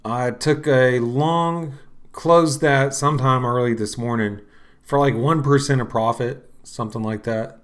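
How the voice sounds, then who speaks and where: A man, middle-aged, hosting a podcast and talking casually in a rambling, unhurried way with lots of fillers. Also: mid-range voice, steady tone, a bit bright. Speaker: podcast host. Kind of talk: casual solo talk.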